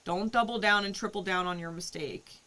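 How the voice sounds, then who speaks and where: A woman's voice: medium pitch, a little fast, sharp tone, low-quality recording. A woman giving a casual spiritual reading, telling a story in a conversational way and often checking in with "right?". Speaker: tarot reader.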